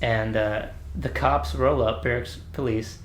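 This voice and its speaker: A man telling military stories in a casual podcast chat, laughing often and jumping into high pitch for the people he quotes. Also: fairly even intonation, measured pace. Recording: roomy echo.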